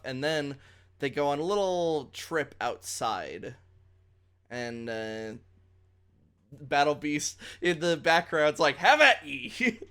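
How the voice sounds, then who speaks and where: A man's voice: mid-range voice, a bit bright, clear, resonant tone. A man co-hosting a podcast, recapping episodes in loose casual chat, rambling and laughing and acting out lines. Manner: rambling, laughing, acts out quotes. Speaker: podcast co-host.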